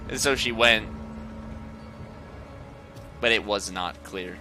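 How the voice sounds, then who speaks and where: A man's voice: medium pitch, fairly even intonation, unhurried, pauses often, bright, forceful tone, faint music behind. A young man streaming a game, chatting casually with viewers, laughing often and swearing freely. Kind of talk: casual chat while gaming.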